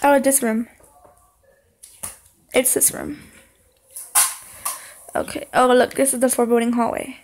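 A young woman playing a horror game, talking to the screen, singing along and yelling when scared. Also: sits high, little pitch movement, unhurried, long pauses, a little hiss or hum. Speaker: gaming channel host. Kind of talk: horror game let's play commentary.

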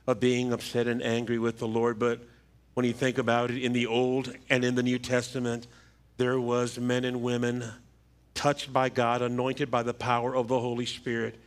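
A middle-aged man, a pastor, giving a funeral sermon in a church with a measured, halting delivery and repeated words. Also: mid-range voice. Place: church sanctuary. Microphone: livestream church microphone.

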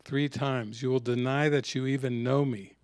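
A man quoting a calm, serene spiritual master. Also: medium pitch, normal speed, no echo, clean studio sound, natural voice. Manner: quiet, matter-of-fact.

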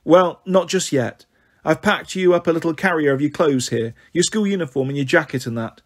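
A man's voice: on the high side, fairly quick. Man putting on a brash chatty young mum. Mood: breezy. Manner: breezy, cheeky, dismissive.

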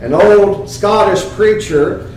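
A man's voice: high-pitched, lively intonation, slow, darkish tone, far from the mic, a little hiss or hum. A pastor preaching a sermon in a church, earnest and emphatic, putting rhetorical questions to his congregation. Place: church sanctuary. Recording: very echoey church, heard from afar.

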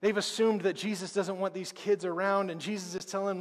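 A man preaching a sermon as pastor, conversational and emphatic, with dramatic pauses. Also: high voice, fairly even intonation. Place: church sanctuary. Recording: long reverb of a church hall.

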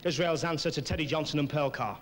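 A man doing a stand-up comedy routine as compere, with cheeky quick-fire jokes. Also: on the high side. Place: large theatre stage. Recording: noisy old video tape with audience. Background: audience laughter.

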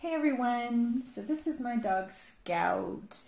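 A woman's voice: a little high, animated, slow, vocal fry, reverberant, loud music behind the voice. A woman early years educator talking casually to children about her old dog, with fillers like "like" and "kinda". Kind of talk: casual talk and singing to children.

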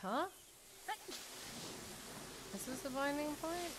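A woman streamer giving loud, excitable let's play commentary, swearing often as she plays. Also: high voice, slow pace, heavy background noise. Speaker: gaming streamer.

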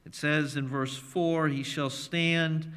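Man preaching a sermon, slow and emphatic, kinda high voice, church hall echo. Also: fairly even intonation, a bit bright, smooth. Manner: emphatic, measured preaching with repeated phrases. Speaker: pastor. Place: church sanctuary. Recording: long reverb of a church hall.

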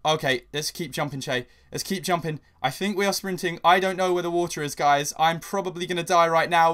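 A young man giving casual, chatty commentary over a video game he is playing, getting loud and swearing when under attack. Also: fairly high pitch, fairly quick, few pauses. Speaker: gaming channel host.

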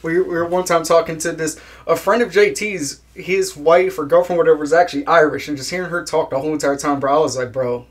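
A man's voice: on the high side, fairly even intonation, quick pace, hardly any pauses. A young man chatting casually in an interview, laid-back, swearing a lot and laughing at his own jokes. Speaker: guest musician.

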